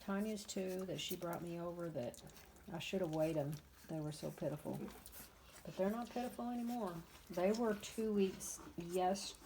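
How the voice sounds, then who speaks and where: A woman in her fifties with a low, deep-set voice talks in a loose, chatty way, blunt and a little exasperated. A faint hiss sits under her talk. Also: moderate pace, warm tone. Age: 50s. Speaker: dog breeder. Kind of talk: casual vlog chat. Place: dog kennel.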